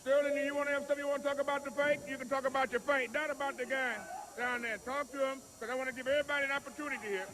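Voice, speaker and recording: A man moderating a boxing press conference, folksy and quick as he tries to keep order and hands out the turns to speak. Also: extremely high pitch, little pitch movement, rough recording.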